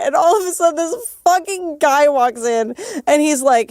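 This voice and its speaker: A woman's voice: high-pitched, normal speed, hardly any pauses, darkish tone, no echo, clean studio sound. Giggly, swearing young woman streamer. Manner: profane, giggly, emotional. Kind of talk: casual gaming commentary.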